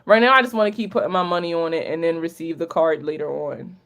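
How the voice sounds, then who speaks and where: A woman's voice: deep voice, fairly even intonation, fast talker, a bit bright. A woman from Maryland with a Maryland accent, a credit coach answering viewer questions in a casual livestream Q&A, candid and sprinkled with profanity and slang. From Maryland, USA. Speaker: credit coach hosting a live Q&A.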